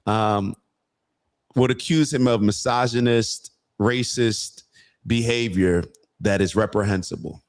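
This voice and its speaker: A man's voice: on the low side, takes it slowly. Male podcast host, casual talker, meanders through his points with ums and restarts. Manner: rambling, thinking aloud with many fillers. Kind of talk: casual political chat.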